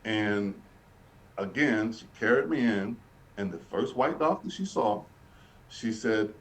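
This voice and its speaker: A man's voice: on the low side, lively intonation, slow pace. A man, earnestly telling his life story as an interview guest and often repeating and restarting phrases. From Birmingham, Alabama, US. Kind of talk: personal storytelling in a sit-down interview. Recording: voice picked up from a distance.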